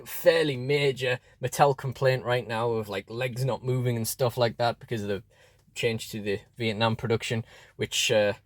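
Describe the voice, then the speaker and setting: A man's voice: medium pitch, steady tone, moderate pace, no echo. A man chatting casually through a toy unboxing review, rambling with fillers and restarts, recorded close and dry.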